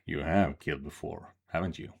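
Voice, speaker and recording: A man reading a blunt, menacing swordsman from a game in a quiet, flat voice. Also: very deep voice, moderate pace, creaky, husky, pitched below the performer's own voice, full character voice. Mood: cold menace. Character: cold menacing male swordsman, blunt and dry.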